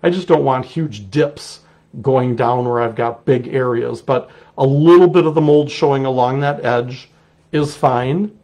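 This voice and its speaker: A middle-aged man with a Wisconsin accent walks through a clay project step by step. His voice has a gravelly edge, and he talks in a relaxed, chatty way as he works. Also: medium pitch, a little slow. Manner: relaxed, chatty, explains while working. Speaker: clay artist teaching a technique. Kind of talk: casual live demonstration.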